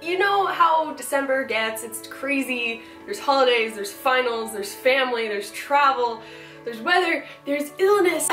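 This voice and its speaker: A woman's voice: high voice, expressive, unhurried, fairly bright tone. A young woman chatting casually to camera as she opens fan mail, bubbly and gushing, laughing often. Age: young adult. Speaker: cosplay vlogger opening fan mail. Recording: roomy, distant mic, music behind.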